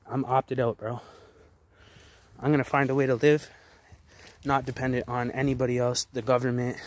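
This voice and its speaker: A man in his twenties delivers an angry, profane rant to his viewers, talking in hard, rapid-fire declarations. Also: medium pitch. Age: 20s. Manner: aggressive, heavy swearing, rapid-fire declarations. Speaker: vlogger. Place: outdoors in a forest.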